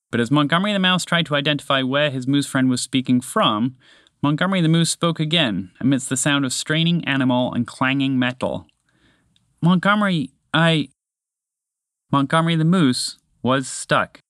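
Expressive male storyteller, dry sound. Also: medium pitch, no echo. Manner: lively, expressive. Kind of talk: children's story narration.

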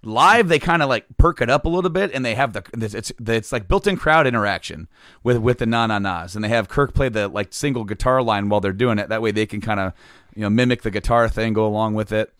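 A man's voice: lowish voice, fast, a bit bright, no echo. Podcast host, male, chatty and meandering, dry recording. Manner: rambling, many restarts and fillers. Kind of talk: casual chat.

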